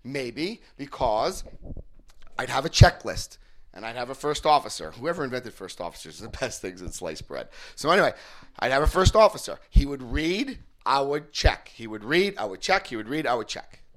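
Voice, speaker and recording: A man's voice: mid-range voice, sing-song, normal speed, fairly bright tone. A middle-aged man speaking to a recovery group, telling stories with quoted voices and asking the room questions. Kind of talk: informal group talk.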